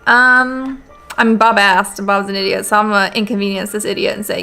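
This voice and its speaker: A woman's voice: mid-range voice, flat delivery, brisk, vocal fry, pushed and bright, soft background music. Sarcastic young woman gaming host. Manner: sarcastic, chatty, swears casually. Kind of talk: let's play commentary.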